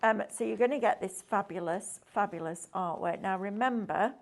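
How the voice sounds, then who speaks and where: Medium in pitch with vocal fry, this woman talks at a normal speed while presenting a craft shopping program. Her live sales demo is lively and conversational, full of tag questions.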